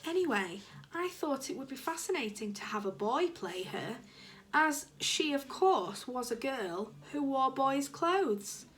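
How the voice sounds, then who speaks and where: A woman's voice: high-pitched, animated, measured pace, a little hiss or hum, voice pushed up. A woman reading aloud, voicing a prim, theatrical female teacher who loves dropping in French words.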